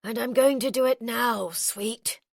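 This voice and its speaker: A woman voicing a brooding, seductive male earl, murmuring slowly and hushed with a low growling rasp. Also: dry recording, studio quality. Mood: sultry. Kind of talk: audiobook character voicing.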